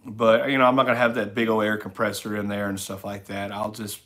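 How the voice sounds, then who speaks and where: A man's voice: on the low side, level tone, brisk, a bit bright. A man hosting a casual late-night livestream, rambling easily and reading viewers' chat messages aloud. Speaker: livestream host. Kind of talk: casual live-stream chat reading comments.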